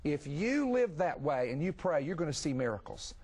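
Man, middle-aged, husky voice, slightly high pitch, animated religious TV host. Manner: animated storyteller, quick follow-up questions. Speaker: TV ministry host. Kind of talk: conversational religious TV talk.

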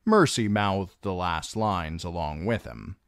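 A man reading a novel chapter aloud as narrator, slow and expressive. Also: sits low, smooth, dry recording, clean studio sound. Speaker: audiobook reader. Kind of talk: storybook narration.

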